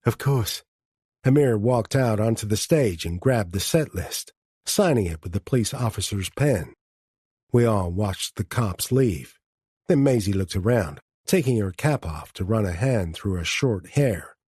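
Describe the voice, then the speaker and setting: A man reading an audiobook in a measured first-person narration. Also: on the low side, expressive, darkish tone, breathy edge, dry recording, studio quality. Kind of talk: scripted narration.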